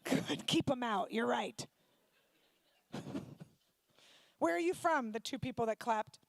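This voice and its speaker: High-voiced woman teasing a live crowd. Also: expressive, creaky, no echo. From Ukraine. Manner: teasing, quick banter with the audience. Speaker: stand-up comedian. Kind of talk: stand-up comedy with crowd work. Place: comedy night venue before a live audience.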